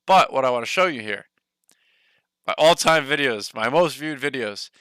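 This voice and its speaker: A man's voice: mid-range voice, lively intonation, normal speed, fairly bright tone, clear, resonant tone, dry recording. A young man hosting a casual stock livestream, rambling loosely with lots of "like" and "you know", a bit short of breath.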